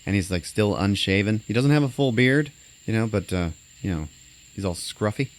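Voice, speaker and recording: Man, lowish voice, loose podcast recap host, rambling, tosses in voices for scenes. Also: animated, normal speed. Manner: rambling, many fillers, acts out quotes. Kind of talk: casual movie recap chat.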